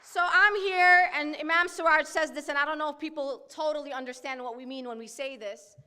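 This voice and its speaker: Fiery high-voiced woman with Brooklyn accent. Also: steady tone, a little fast, sharp tone. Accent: New York. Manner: bold, impassioned, outspoken. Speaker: keynote speaker at a banquet. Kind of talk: fiery political speech. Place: banquet hall. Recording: long hall reverb.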